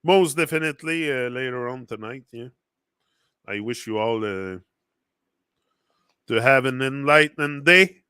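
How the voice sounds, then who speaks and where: Bright-voiced man with a French accent. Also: medium pitch, unhurried, pauses often, smooth, no room sound, clean studio sound. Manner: rambling, reads viewer comments aloud. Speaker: motivational livestream host. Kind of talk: casual motivational chat.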